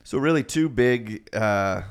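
A man's voice: mid-range voice, slow, clean tone. A man co-hosting a podcast in casual chat who laughs often and steers the conversation. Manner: relaxed, laughs often, leads the topic. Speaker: podcast co-host.

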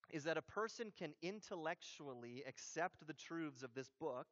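A man, a pastor, giving a sermon in a conversational, animated way with casual asides. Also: sits high, dry recording, lo-fi sound.

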